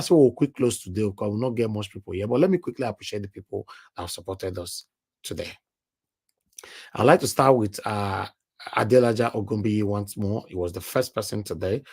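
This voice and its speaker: A man's voice: mid-range voice, fast talker, darkish tone. A man with a Nigerian accent hosting a live call-in stream, chatting casually and speaking straight to his viewers with bits of pidgin. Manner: chatty, addresses viewers directly, mixes in pidgin. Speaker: live show host.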